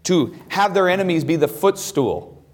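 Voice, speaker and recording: A man's voice: lively intonation, normal speed. A man teaching a classroom Bible lesson, talking emphatically and reading scripture aloud in a raised voice. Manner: emphatic, reads scripture aloud with rising pitch.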